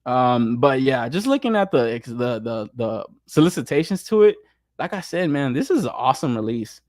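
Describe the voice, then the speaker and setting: A man's voice: medium pitch, sing-song, normal speed, a little mellow, dry recording, studio quality. Profane laughing man ranting casually. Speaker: podcast host. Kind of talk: casual chat.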